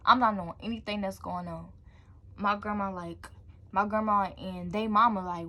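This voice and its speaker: A young woman vlogger telling a storytime in an animated, slangy way, tossing in "blah, blah" asides. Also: medium pitch, moderate pace, gravelly. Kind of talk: storytime vlog.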